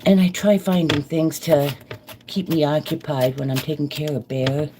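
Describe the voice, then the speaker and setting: A woman's voice: deep voice, steady tone, normal speed. A middle-aged woman chatting casually to viewers while cooking live in her home kitchen, rambling and friendly with her audience. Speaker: live-stream cooking vlogger. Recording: kitchen noise under the voice. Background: chopping and kitchen clicks.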